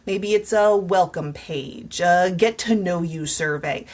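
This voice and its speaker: A woman's voice: fairly low pitch, slow, darkish tone. A middle school teacher, a woman, talking in an upbeat, encouraging way straight to fellow teachers in an advice vlog.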